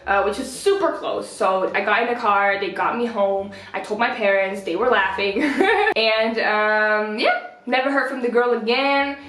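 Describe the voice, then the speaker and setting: A woman in her twenties from the Netherlands, telling a story in a casual vlog and acting out the quotes. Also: mid-range voice. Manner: animated storyteller, acts out quotes with laughs. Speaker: vlogger. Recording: roomy echo.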